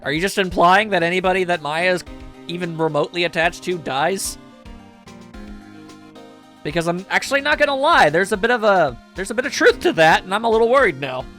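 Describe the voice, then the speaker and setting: A man's voice: high-pitched, expressive, brisk, sharp tone, soft background music. A man giving sarcastic, joking commentary while playing a video game. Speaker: let's play host. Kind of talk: gameplay commentary.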